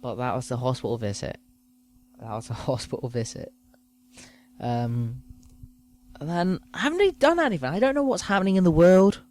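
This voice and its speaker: A man's voice: fairly high pitch, animated, normal speed, pauses often, darkish tone. A man hosting a podcast, rambling through a crude, self-mocking comic monologue. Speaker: podcast host.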